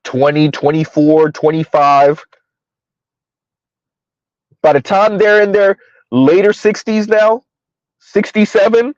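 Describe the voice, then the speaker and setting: Man with ranting at his viewers, kinda high voice, lofi dry mic. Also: takes it slowly, pauses often, no echo, dull audio. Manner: heated, repetitive, rhetorical questions to viewers. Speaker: commentary channel host. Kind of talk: ranting commentary.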